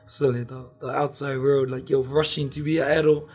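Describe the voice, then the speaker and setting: Give me a relaxed young man with a New Zealand accent in casual chat. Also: medium pitch, brisk, breathy edge, soft background music. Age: young adult. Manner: laid-back, laughing, lots of slang and fillers. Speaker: guest, young businessman.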